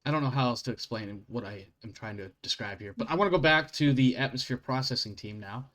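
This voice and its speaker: A man running a tabletop role-playing game, narrating events casually with quick self-corrections and laughs. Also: mid-range voice, a bit bright. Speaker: game master.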